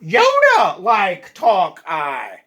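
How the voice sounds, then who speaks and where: A man putting on the voice of a wise, tiny, old alien master who talks with his words in backward order, drawn out slowly and called out loud. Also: high voice, wildly swooping pitch, heavily acted. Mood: playful.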